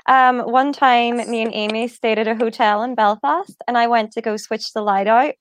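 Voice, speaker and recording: A woman co-hosting a podcast, telling a quick, chatty anecdote. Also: on the high side, steady tone, clean tone. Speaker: podcast co-host. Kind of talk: casual chat.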